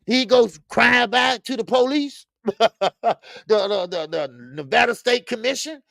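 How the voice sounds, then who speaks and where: Gravelly, animated boxing show host. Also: male voice, very high voice, a little slow, no room sound, clean studio sound. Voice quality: loud, animated, profane, repeats himself. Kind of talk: casual live-stream commentary, reading chat.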